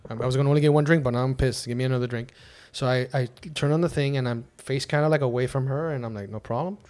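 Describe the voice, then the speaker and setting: A man in the middle of his range hosts a podcast, spinning a casual story about a night out. He acts out his own lines and other people's lines as he goes, with a lively, chatty delivery. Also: mid-range voice, fast talker. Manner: animated, acts out quotes of himself and others. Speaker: podcast host.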